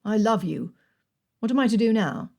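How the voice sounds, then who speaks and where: A woman voicing a gallant young army colonel who speaks earnestly and a little gruffly. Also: medium pitch, expressive, normal speed, dark tone. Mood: exasperated.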